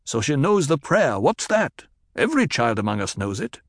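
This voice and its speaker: A man's voice: mid-range voice, very animated, normal speed, no room sound, clean studio sound, voice pushed up, natural voice. A man voicing a hostile, sneering male desert fighter in an audiobook reading. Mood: defiant. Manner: sneering, scornful.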